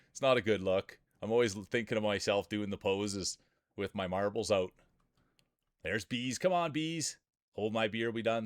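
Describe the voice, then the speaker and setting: Male stream host calling marble races, jokey and excitable, dry close sound. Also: on the low side, no room sound. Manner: jokey, excitable, laughs often while talking. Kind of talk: casual live-stream commentary.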